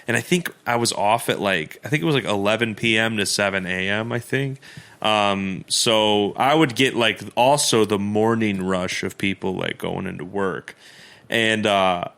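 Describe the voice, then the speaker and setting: A man's voice: lowish voice, normal speed, vocal fry, a bit bright. A young adult man co-hosting a podcast, telling stories in loose, slangy casual chat and laughing often. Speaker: podcast co-host.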